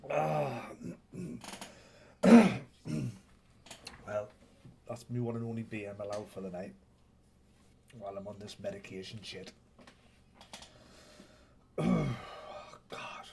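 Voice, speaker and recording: A man's voice: lowish voice, slow pace, creaky, long pauses, darkish tone, slight background noise. A man with a Northeast English accent, hosting a casual live stream and bantering with viewers in a rambling, teasing way. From Northeast England.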